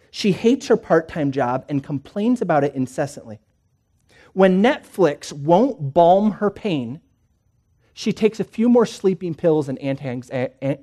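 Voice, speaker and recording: A man preaching a sermon in church, swinging between hushed, quiet lines and emphatic ones. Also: on the high side. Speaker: pastor.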